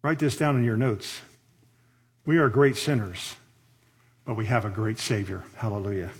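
A man preaching a sermon as a pastor, talking in a conversational way, asking rhetorical questions and slowing down to stress key words. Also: on the low side, breathy edge.

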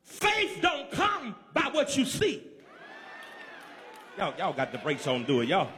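A man from Georgia preaching a sermon, rhythmic and shouting, with call-and-response to the crowd. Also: sits high, huge pitch swings, takes it slowly, a little hiss or hum. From Georgia, USA.

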